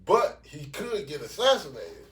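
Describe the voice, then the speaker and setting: A man with a fairly high voice chats bluntly and profanely, animated as he rants. He sits back from the mic, and the room rings around him. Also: measured pace. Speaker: podcast co-host. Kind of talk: casual chat. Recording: echoey room, mic at a distance.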